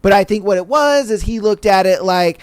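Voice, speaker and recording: A man's voice: high-pitched, expressive, brisk, no echo. A man hosting a podcast, giving a casual, blunt, profane recap with mocking impressions. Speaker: podcast host.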